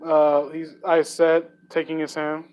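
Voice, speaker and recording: A man's voice: fairly high pitch, monotone, unhurried, darkish tone, clean tone, rough recording. A young man reading fan fiction aloud for laughs, with sarcastic, profane asides. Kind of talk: comedic dramatic reading with commentary.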